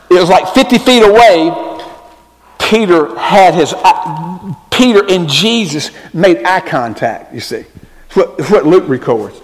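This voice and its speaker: High-voiced pastor preaching. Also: male voice. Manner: conversational, checks in with the congregation. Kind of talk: sermon. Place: church sanctuary. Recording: long reverb in a church.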